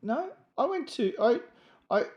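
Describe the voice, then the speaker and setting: Jokey middle-aged man, lively voice. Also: extremely high pitch, a little slow. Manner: jokey, laughs often, sings misheard lyrics. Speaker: podcast co-host. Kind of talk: casual banter.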